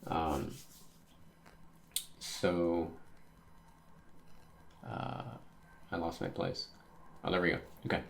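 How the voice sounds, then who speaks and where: A man with a notably deep, low voice chats casually while reacting to a comic. His delivery is laid-back and loose, full of fillers and sudden exclamations. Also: steady tone, very slow, creaky, long pauses, slight background noise. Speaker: manga reaction host.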